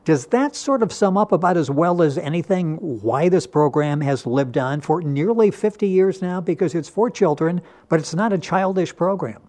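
A man's voice: fairly high pitch, expressive, moderate pace, hardly any pauses, mellow. A man hosting a radio talk show, interviewing an author in a friendly, conversational way.

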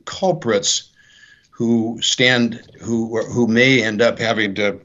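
A man's voice: medium pitch, steady tone, slow, fairly bright tone. Rambling male author telling a story. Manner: rambling storyteller, acts out the characters' lines. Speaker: author guest. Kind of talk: interview, retelling his novel's plot. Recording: dull lo-fi sound.

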